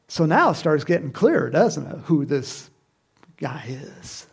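Gravelly man preaching a lively sermon. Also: on the high side, measured pace. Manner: animated, acts out crowd shouts. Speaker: pastor.

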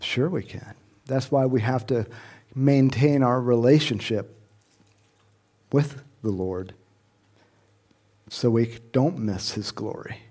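A man's voice: medium pitch, slow, pauses often, mellow. Man preaching, middle-aged, conversational, chuckles, emphatic rising questions. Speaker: pastor. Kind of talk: sermon.

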